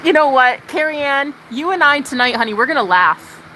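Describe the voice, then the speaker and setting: A woman livestreamer ranting to her chat in casual, profane, animated talk. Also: high voice, brisk, a little hiss or hum, rough recording.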